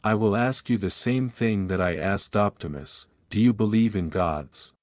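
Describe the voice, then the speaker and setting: A man's voice: on the low side, normal speed, no echo, studio quality, close to an everyday voice. A man voicing a confident, smug young woman in a read-aloud fan story, speaking matter-of-factly.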